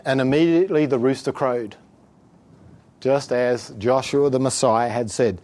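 A man's voice: medium pitch, measured pace, a little mellow. A man preaching a sermon in an emphatic, exhortative way, chuckling often as he talks.

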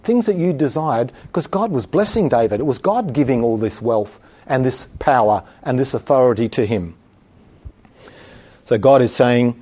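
A man preaching a sermon, reading scripture slowly with emphasis and then explaining it in plain conversational talk, with the odd chuckle. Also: medium pitch, lively intonation, warm tone, breathy edge.

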